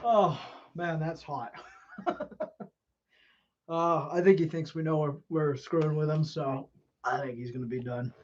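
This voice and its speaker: A man's voice: a little high, fairly even intonation, measured pace, pauses often, a little mellow, highs cut off. A man hosting a live stream, chatting casually in an amused, laid-back way. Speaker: live stream host, scam baiter.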